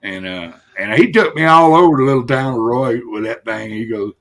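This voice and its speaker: A man's voice: medium pitch, fairly quick. An older man from South Texas with a South Texas accent, telling folksy hunting stories in casual chat as a live-stream host.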